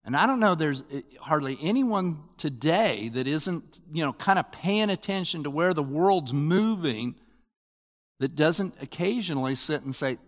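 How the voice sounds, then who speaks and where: Animated older man preaching in a hall. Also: on the high side, measured pace. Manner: animated, conversational preaching with rising emphasis. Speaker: pastor. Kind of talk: sermon.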